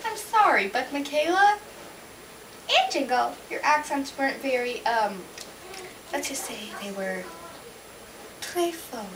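A woman's voice: high-pitched, expressive, slow, pauses often, fairly bright tone, distant mic, slight background noise, poor audio. A woman hosting a playful homemade interview, teasing and playfully dramatic. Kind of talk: playful fan-made interview.

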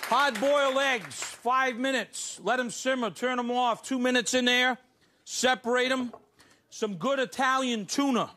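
A man's voice: very high voice, unhurried, pushed and bright, a faint crowd. A middle-aged man hosting a live cooking show, talking emphatically and coaxing the audience with repeated "okay?" and "you see?". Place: TV studio kitchen with live audience. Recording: studio audience and background noise.

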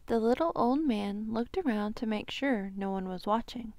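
A woman librarian reading a children's storybook aloud, slow and expressive. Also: fairly high pitch, no echo.

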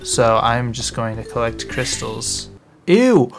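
A young man casually commenting on his own gameplay as a let's play host, chatty and quick to react. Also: medium pitch, creaky. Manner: excitable, chatty, reacts loudly to the game. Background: game music.

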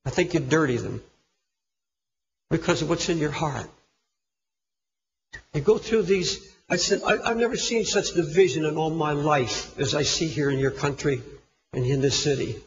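A man's voice: on the high side, normal speed, long pauses, slight background noise. A man preaching a sermon, telling a story with fervent, impassioned delivery. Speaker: pastor. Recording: echoey hall, dull lo-fi recording.

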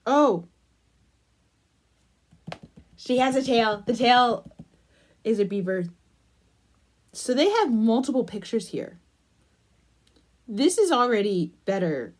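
A woman chatting casually in a crochet vlog, gushing over a pattern book and trailing off into soft murmurs. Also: on the high side, expressive, slow, pauses often. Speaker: crochet vlogger.

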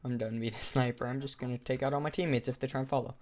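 A young man giving live commentary over his own video game match, in a sarcastic and excitable play-by-play manner. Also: mid-range voice, rapid-fire, noisy background. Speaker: gaming YouTuber.

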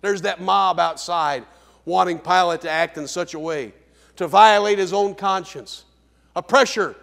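A man preaching a sermon as pastor, swinging dramatically between shouting and hushed tones. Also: high-pitched, a little slow, creaky, in a large hall. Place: church sanctuary.

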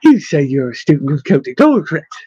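A man's voice: on the high side, sing-song, fairly quick, dark tone, husky, no echo, lo-fi sound, exaggerated voice. A man voicing a curious, direct young woman scholar in a storybook, in a raised, eager voice.

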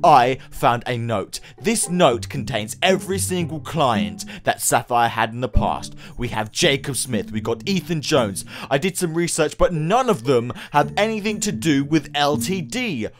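A man's voice: lively intonation, unhurried, few pauses, close to an everyday voice. A man doing Franklin, a jumpy amateur sleuth. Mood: muttering detective. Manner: low, muttering detective talk that bursts into panicked yelps. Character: Franklin, a jumpy young male amateur detective. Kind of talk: comedic game voice-over.

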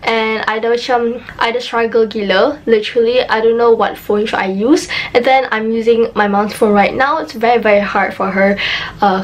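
A bubbly young woman with a Malaysian accent talks straight to her viewers, fast and excitable. Her voice sits a little higher than most women's. She chats casually and slips Malay words into her English. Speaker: YouTuber. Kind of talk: casual vlog chat.

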